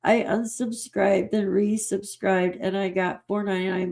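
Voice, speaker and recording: A woman's voice: mid-range voice, normal speed, creaky, few pauses. A woman hosting a livestream in casual chat, reading out comments and laughing often. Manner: laughs often, giggly and excitable. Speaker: livestream host.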